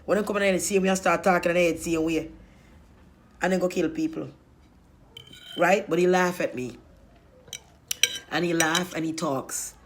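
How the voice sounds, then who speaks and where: A woman giving an emotional spiritual testimony in a vlog, talking emphatically, laughing often and breaking into sudden shouted prayers. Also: on the low side, steady tone, moderate pace, pauses often, a little hiss or hum. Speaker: vlogger.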